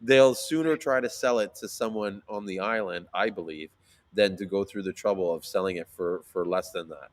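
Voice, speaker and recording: A man telling a story in casual chat, animated, swearing freely and using lots of fillers. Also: low-pitched, moderate pace. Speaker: sea moss seller.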